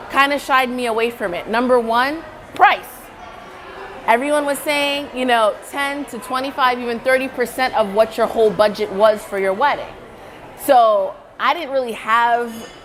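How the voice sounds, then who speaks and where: A woman's voice: on the high side, a bit bright, slight background noise, poor audio. A woman giving a casual testimonial, telling her story in a chatty way, acting out what people said and laughing often. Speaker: satisfied client giving a testimonial.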